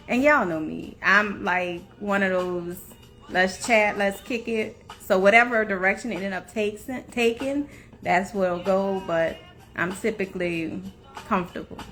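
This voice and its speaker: A woman's voice: mid-range voice, normal speed, fairly bright tone, faint music behind. A young adult woman hosting a casual livestream, chatting to viewers, laughing often and greeting them by name. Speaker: livestream host.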